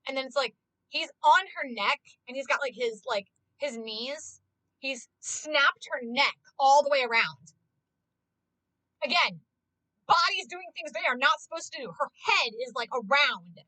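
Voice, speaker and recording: A woman's voice: high voice, unhurried, no echo, low-quality recording. A woman streamer chatting casually and passionately, ranting with lots of swearing and "like". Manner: excitable, swears a lot, heavy use of "like". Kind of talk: casual live-stream chat.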